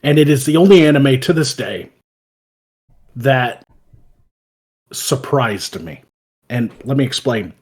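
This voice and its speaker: A man with a husky, breathy voice talks in a loose, unscripted podcast conversation. He is profane and animated, and he bursts into loud laughter while he tells stories. His pitch sits in an ordinary middle range. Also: slow pace, pauses often. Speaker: podcast host. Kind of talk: casual chat.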